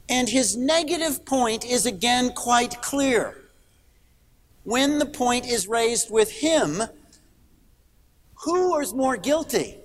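A man's voice: extremely high pitch, big-room sound. A middle-aged man preaching a sermon in a church, earnest and emphatic, posing rhetorical questions. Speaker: pastor.

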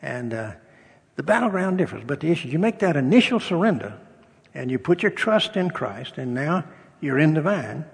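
Gravelly older pastor preaching in a hall. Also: male voice, fairly high pitch, very animated, normal speed. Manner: folksy storytelling with humor and quoted dialogue. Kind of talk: sermon. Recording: long reverb of a hall.

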